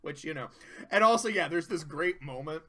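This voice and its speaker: A man talking casually as he reviews cartoon episodes, excited, swearing a lot and breaking into laughter. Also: fairly high pitch, normal speed. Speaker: video reviewer. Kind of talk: casual commentary.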